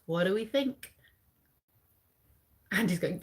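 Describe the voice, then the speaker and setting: A woman's voice: medium pitch, very animated, moderate pace. Chatty British woman hosting a live quiz. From England. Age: 40s. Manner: chatty, reads out facts and answers viewers by name. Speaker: livestream host. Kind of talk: casual live quiz chat. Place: dim room at home.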